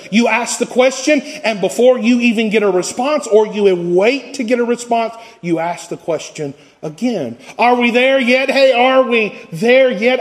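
A man preaching a sermon as pastor, his intensity swelling and dropping. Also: high voice.

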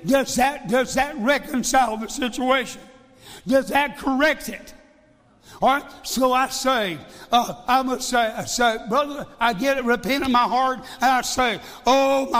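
A man's voice: very high voice, pushed and bright. A male evangelist preaching a sermon, emphatic, repeating phrases and firing rhetorical questions. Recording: long hall reverb.

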